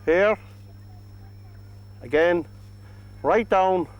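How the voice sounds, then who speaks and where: Irish painting teacher, man, high-pitched, soft coaxing delivery, outdoors. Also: drawn-out words, muffled recording. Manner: gentle, coaxing, talks to the paint. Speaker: painting instructor. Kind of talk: painting demonstration. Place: outdoors by a lake.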